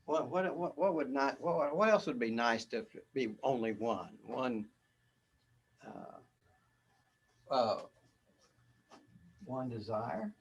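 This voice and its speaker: A man's voice: medium pitch, slow pace, pauses often, muffled recording. Guy doing a loose spiritual talk, trips over words and chuckles, faint hiss behind. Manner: rambling, repeats words, chuckles often. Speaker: spiritual teacher.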